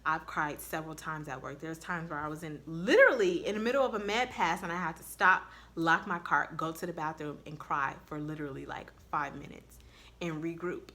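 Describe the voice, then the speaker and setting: A woman nurse talks straight to her viewers in a casual advice vlog. Her voice sits a little low but sounds bright and forceful. She tells candid stories and swears bluntly. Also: fairly quick. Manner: blunt, candid storytelling with profanity.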